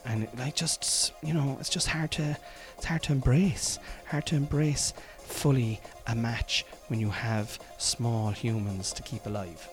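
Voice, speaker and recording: A man in his thirties with a Cork Irish accent, hosting a podcast as a comedian in a loose, chatty, self-deprecating monologue full of fillers and restarts. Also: medium pitch. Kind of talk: casual rambling podcast monologue.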